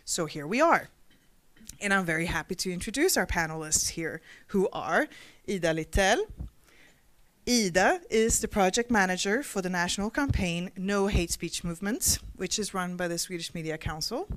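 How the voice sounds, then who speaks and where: Measured woman moderating a panel. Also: lowish voice, lively intonation, a bit bright. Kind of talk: scripted introduction, then moderating.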